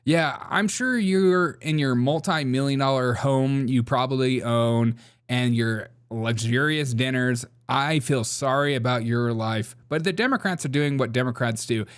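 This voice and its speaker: A man's voice: medium pitch, unhurried, clean tone. A man hosting a political commentary show, reacting to clips with sarcastic casual talk and frequent laughter. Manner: sarcastic, laughs often while talking.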